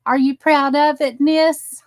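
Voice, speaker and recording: A woman's voice: fairly high pitch, slow, no echo, low-quality recording. A tired woman chatting casually with viewers while she crafts on a live stream. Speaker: crafting livestream host.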